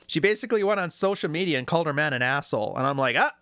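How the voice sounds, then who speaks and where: Talking very fast with few pauses, a man with a rather high voice delivers sarcastic, casual reactions to video clips as a YouTube commentator. There's no echo on the recording, and he's animated, frequently quoting people in mocking voices.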